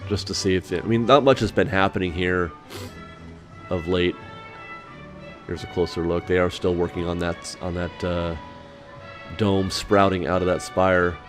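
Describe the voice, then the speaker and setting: A man with a deep, low-pitched voice narrates his vlog in a loose, chatty way, with restarts and fillers. His voice is raspy and hoarse, as if he is getting over a cold. Soft music plays quietly underneath. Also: fairly even intonation, moderate pace, pauses often. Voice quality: raspy, recovering from illness. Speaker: vlog host.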